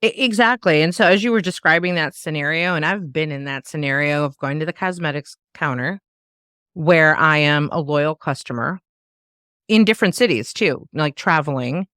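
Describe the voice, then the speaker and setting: Lively woman podcast host. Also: deep voice, normal speed, no room sound, studio quality. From American South. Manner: animated, acts out quoted voices. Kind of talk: casual interview chat.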